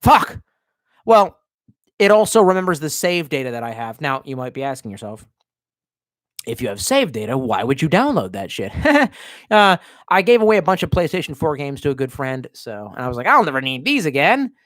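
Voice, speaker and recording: A man rambles through a casual stream, swearing freely and sounding a bit tipsy. His pitch swings all over the place. The room sound is dry and close. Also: big pitch swings, moderate pace, fairly bright tone, no room sound. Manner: profane, rambling, sardonic. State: drinking, tipsy. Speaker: livestream host reading chat.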